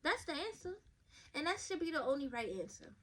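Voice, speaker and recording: The podcast host's voice sits high and is expressive, her pace fairly quick. She reads advice stories aloud and gives her listeners blunt, profane, chatty opinions, now and then stumbling over words.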